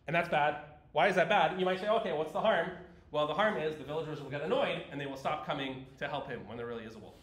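A man's voice: a little high, fast talker, fairly bright tone. Chatty male lecturer in an echoey hall. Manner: chatty and explanatory, with fillers and restarts. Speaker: university lecturer. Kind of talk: casual classroom lecture.

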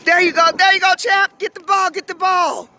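High, bright-voiced playful grandmother. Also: steady tone, normal speed. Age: older. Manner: playful cheering and coaching, teasing scolds. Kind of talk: casual family play.

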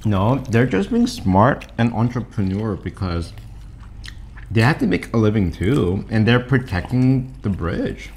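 A young man with a lowish, unhurried voice co-hosts a mukbang channel, with a little hiss or hum in the recording. He chats casually while eating, animated and playful, teasing himself along the way.

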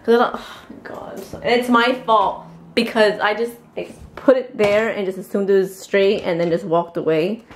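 Woman vlogging on a handheld cam, super chatty and expressive, drops spanish words, lots of street noise behind her. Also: medium pitch, moderate pace. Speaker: family vlogger. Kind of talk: casual daily vlog to camera. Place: home, then outdoors on a city street. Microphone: handheld vlog camera.

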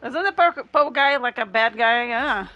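A woman's voice: fairly high pitch, expressive, measured pace, dull audio. A woman streaming a horror game, reacting aloud, laughing and swearing to herself. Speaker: gamer streaming gameplay. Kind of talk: live gameplay commentary.

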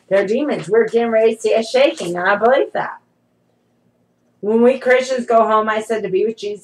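A woman's voice: mid-range voice, poor audio. A middle-aged woman giving an informal prophetic sermon, talking conversationally and emphatically to her followers, calling them saints.

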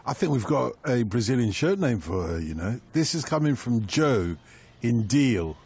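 A man's voice: mid-range voice, big pitch swings, moderate pace, darkish tone, husky. A man hosting a radio phone-in, reading out listener messages and teasing his co-hosts. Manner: playful, teasing, laughs often. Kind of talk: casual studio chat reading listener messages. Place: radio studio.

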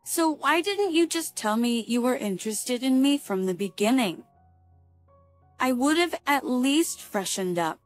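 A woman reading the lines of a frightened but quick-witted young woman camper in a storybook tale, with a pleading, anxious tone. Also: high voice, lively intonation, no echo, faint music behind. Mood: coaxing.

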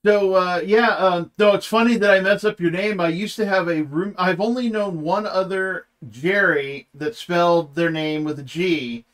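Slightly high-voiced showman host. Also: moderate pace, few pauses, fairly bright tone. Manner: mock-grand showman intro, then rambling with many fillers. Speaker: podcast host. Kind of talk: casual interview chat. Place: home studio.

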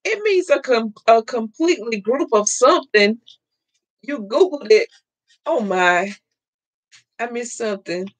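Loud, excitable woman crafting host. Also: fairly high pitch, unhurried, pauses often, dry recording. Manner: loud and excitable, laughs often. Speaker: live-stream crafting host. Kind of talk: casual live-stream chat, reading viewer comments.

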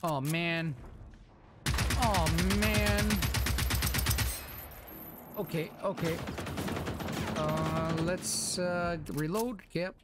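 A man giving excitable gameplay commentary into a desk microphone, swearing and shouting exclamations at enemies. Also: a little high, takes it slowly, heavy background noise. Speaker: gameplay video host. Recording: loud gunfire from game audio. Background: game sounds, gunshots and clicks.

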